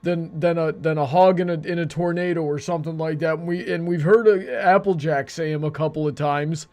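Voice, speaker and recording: A man's voice: a little high, fairly even intonation, a little fast, a little mellow. A man hosting a casual debate, talking earnestly and restarting his sentences often. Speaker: debate show host.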